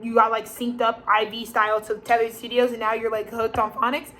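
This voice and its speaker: A woman's voice: a little high, level tone, brisk, a bit bright, rough recording. A woman giving a rambling, profane spoken tarot reading, laughing often and acting out the people she quotes. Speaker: tarot reader.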